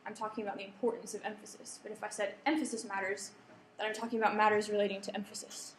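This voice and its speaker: Young woman, workshop lecturer, mid-pitched, explanatory with ums and restarts, roomy lecture hall, faint hiss. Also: level tone, very fast. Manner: explanatory, with frequent ums and self-corrections. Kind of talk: academic writing workshop talk. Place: lecture room. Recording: echoey lecture room.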